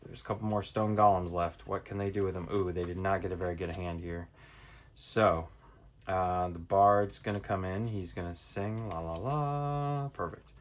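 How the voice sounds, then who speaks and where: A man's voice: sits low, level tone, moderate pace. A man casually playing through a tabletop card game, thinking aloud and counting cards as he goes. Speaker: board game reviewer. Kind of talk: casual tabletop playthrough tutorial.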